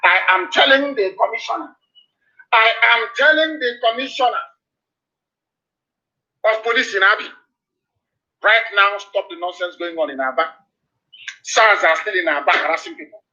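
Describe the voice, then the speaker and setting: A man's voice: high voice, animated, normal speed, pauses often. A man giving a fiery live radio address, hammering out repeated warnings. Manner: forceful, repetitive warnings. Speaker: political broadcaster. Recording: dull lo-fi broadcast audio.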